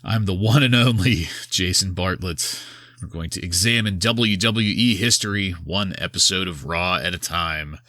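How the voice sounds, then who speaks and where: A man's voice: deep voice, normal speed, sharp tone, dry recording, clean studio sound. A man hosting a wrestling podcast, recapping an old episode in a wry, sarcastic casual style. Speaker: podcast host.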